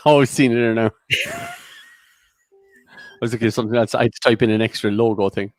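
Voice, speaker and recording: A man's voice: on the low side, steady tone, racing, darkish tone, no echo, soft background music. A man co-hosting a casual quiz, guessing at answers he is unsure of and laughing easily. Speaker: quiz co-host.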